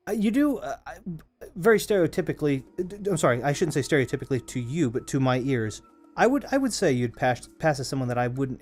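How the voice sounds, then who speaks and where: A hoarse man streaming a game, chatting casually with viewers in a rambling, self-correcting way. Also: medium pitch. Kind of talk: casual live-stream chat over gameplay.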